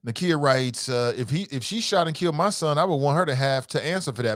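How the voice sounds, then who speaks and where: Give me a middle-aged man, hosting a casual talk show. His pitch leaps and falls with lots of emphasis as he riffs on viewer comments. The sound is dry and close, with no room around him. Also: no room sound. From United States. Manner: animated, emphatic, drawn-out repetitions. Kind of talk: casual live-stream talk.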